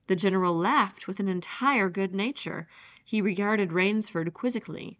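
A woman narrating an audiobook with measured, steady storytelling, on a dull lo-fi recording. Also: medium pitch. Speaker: audiobook reader.

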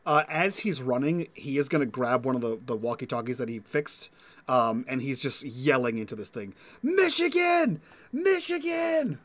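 A man's voice: mid-range voice, normal speed, fairly bright tone. A man playing a tabletop game, describing his character's actions casually and hesitantly, with fillers. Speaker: player.

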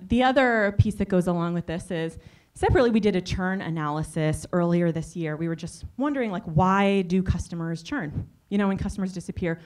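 A woman gives a talk at a business conference. She tells a story in a chatty, lively way and acts out the people she quotes. Her voice sits in a medium range. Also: mid-range voice. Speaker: conference speaker.

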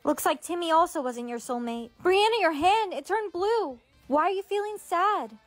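A woman acting out a POV skit, playing schoolgirls and narrating in an expressive, chatty way. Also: very high-pitched, moderate pace, no room sound. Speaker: storyteller playing multiple roles. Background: faint music.

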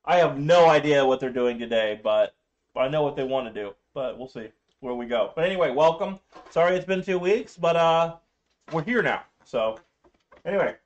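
A man's voice: on the high side, animated, normal speed. A man running a tabletop game as dungeon master, casual and rambling with lots of fillers. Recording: dull lo-fi recording.

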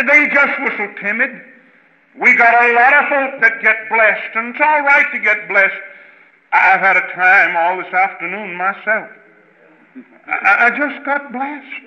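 A man with a Southern American accent, preaching a sermon in a folksy way that swings between loud passages and quiet asides. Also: sits high. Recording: lo-fi roomy archival church recording.

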